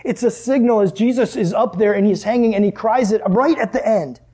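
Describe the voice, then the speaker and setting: A man preaching a sermon in a conversational way, asking the room questions and dropping to hushed tones for emphasis. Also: high voice, a little fast, breathy edge.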